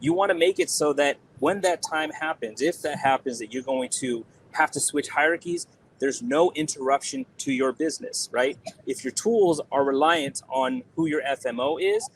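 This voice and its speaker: A man's voice: on the high side, moderate pace, slight background noise, poor audio. Emphatic, persuasive man on a podcast. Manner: emphatic, persuasive, lively explaining. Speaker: podcast guest, insurance software expert. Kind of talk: casual podcast interview.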